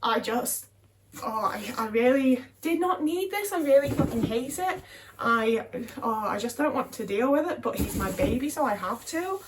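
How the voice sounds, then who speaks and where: A woman's voice: on the high side, animated, normal speed. A young woman talking casually to her viewers while she packs, rambling, swearing and anxious, often trailing off and restarting. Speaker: vlogger. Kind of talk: casual body-doubling chat while packing. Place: home room, packing boxes. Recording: distant mic with faint noise.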